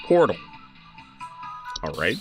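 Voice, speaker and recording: A man's voice: sits low, wildly swooping pitch, slow, faint music behind. A young man streaming a game, chatting casually, laughing often and reading on-screen text aloud.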